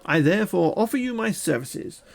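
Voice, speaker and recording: A man's voice: high-pitched, lively intonation, a little fast, gravelly, voice pushed up, heavily acted. A man reading out the lines of a friendly male hunter in a gamebook, in formal old-fashioned speech. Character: jovial male hunter hailing a stranger.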